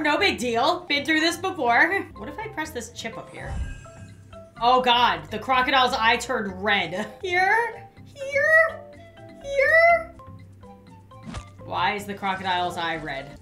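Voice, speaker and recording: A young woman playing a mobile game on camera, giving excitable running commentary, shrieking and laughing and talking to the animals. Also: high-pitched. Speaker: gaming YouTuber.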